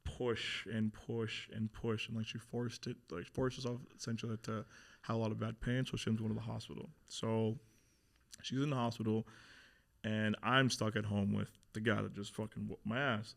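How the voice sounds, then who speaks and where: A man's voice: lowish voice, creaky. A young man speaking as a podcast guest, telling a hard personal story in a casual, candid way with lots of fillers and swearing.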